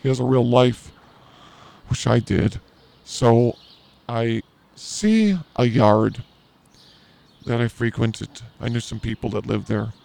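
A man's voice: mid-range voice, takes it slowly, gravelly, pauses often, darkish tone. A man hosting a podcast, telling a crude story in a rambling, self-mocking comedic way. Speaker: podcast host.

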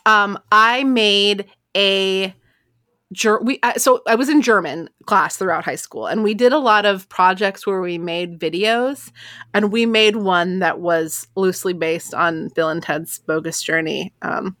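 A woman's voice: mid-range voice, a little slow, a bit bright, no room sound, studio quality. A woman co-hosting a podcast, chatting casually and playfully and laughing often. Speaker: podcast co-host. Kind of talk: casual chat.

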